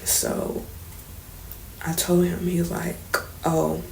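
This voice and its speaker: A woman's voice: on the low side, monotone, slow, creaky, dark tone. Candid young woman telling her story. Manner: candid, slangy, swearing, emotional. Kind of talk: casual storytime vlog. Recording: roomy echo, faint background noise.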